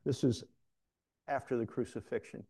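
A man's voice: medium pitch, moderate pace, mellow, slightly rough. A middle-aged male pastor preaching in a conversational, self-deprecating storytelling way, often restarting his sentences. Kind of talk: sermon.

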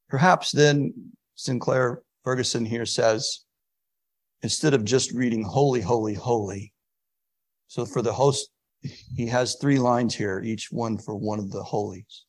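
A man preaching a sermon, swinging from hushed, drawn-out words to sudden booming emphasis. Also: steady tone.

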